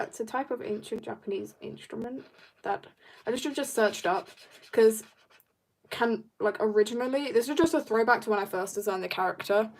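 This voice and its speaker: A young woman chatting casually while drawing on a livestream, bubbly and joking as she reads viewer comments. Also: fairly high pitch. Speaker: art livestreamer.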